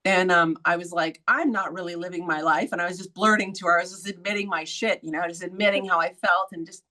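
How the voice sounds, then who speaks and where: A woman hosting a podcast, telling a story in a casual, blunt way, swearing freely and acting out quoted voices with sudden high jumps. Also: fairly even intonation, quick pace, pushed and bright. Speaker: podcast host.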